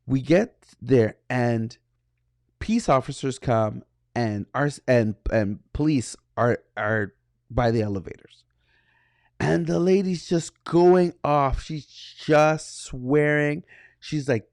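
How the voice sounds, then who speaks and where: Gravelly man telling a story. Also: mid-range voice, takes it slowly, no room sound, clean studio sound. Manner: animated, acts out dialogue. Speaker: podcast co-host. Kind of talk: casual storytelling.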